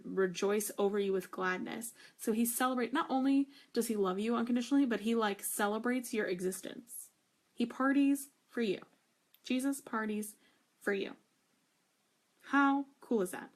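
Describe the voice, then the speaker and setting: A young woman talking in a casual devotional vlog, gushing and emphatic, with many fillers and restarts. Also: medium pitch. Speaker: faith vlogger.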